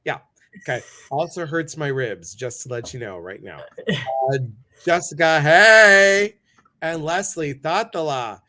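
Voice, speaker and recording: A man's voice: fairly high pitch, lively intonation, unhurried, pushed and bright. A man hosting a casual livestream talk show, chatty and upbeat as he greets viewers one by one.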